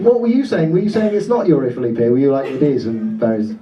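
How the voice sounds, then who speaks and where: A man from Britain doing stand-up crowd work, swearing and laughing as he fires off quick, self-interrupting banter. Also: mid-range voice, heavy background noise. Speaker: stand-up comedian. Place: comedy club stage before a laughing audience. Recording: roomy club sound from a distance, dull.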